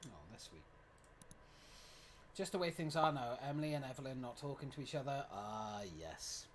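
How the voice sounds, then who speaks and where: A streamer in their twenties, giving lively gameplay commentary, reading game text aloud and swearing often. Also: mid-range voice, normal speed, background noise. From United Kingdom. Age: 20s.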